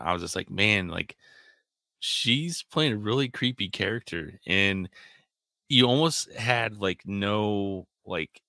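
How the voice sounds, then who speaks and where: Very deep, bright-toned rambling interviewer. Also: male voice, no room sound. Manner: rambling, hesitant, laughs often. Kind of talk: casual interview.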